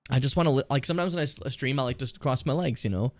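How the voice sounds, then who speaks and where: A man's voice: medium pitch, very fast. A man streaming a game, chatting in a loose, rambling, self-deprecating way and swearing freely. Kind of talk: casual live-stream commentary.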